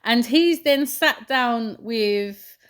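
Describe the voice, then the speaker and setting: A woman co-hosting a chatty podcast. She speaks bluntly and directly, in a voice sitting slightly high. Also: extremely slow. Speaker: co-host. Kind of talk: casual chat.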